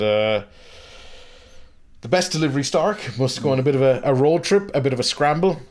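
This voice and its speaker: A man hosting a film review podcast, rambling and joking in casual chat with plenty of fillers. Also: mid-range voice.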